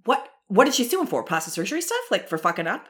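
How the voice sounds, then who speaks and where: A woman hosting a podcast in casual chat, bubbly and expressive. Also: mid-range voice, fast talker. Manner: bubbly, expressive, laughs often. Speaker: podcast host.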